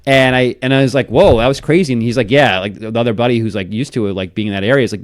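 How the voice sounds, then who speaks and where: A man's voice: medium pitch, rapid-fire, hardly any pauses. A young man chatting casually on a podcast, telling rambling stories full of fillers. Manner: rambling storyteller, fillers and laughs. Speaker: podcast host. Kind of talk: casual chat.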